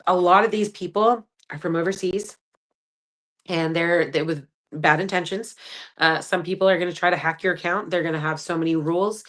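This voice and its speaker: Woman in her 30s, podcast host, low-pitched, frank and chatty solo talk. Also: moderate pace, a bit bright. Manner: candid, chatty advice-giving with frequent fillers. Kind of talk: casual solo podcast monologue.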